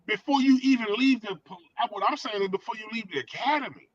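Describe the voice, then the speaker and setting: A man's voice: very high voice, quick pace, muffled recording, a little hiss or hum. A man on a casual podcast, making emphatic, profane points about policing. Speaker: podcast co-host. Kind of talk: casual chat.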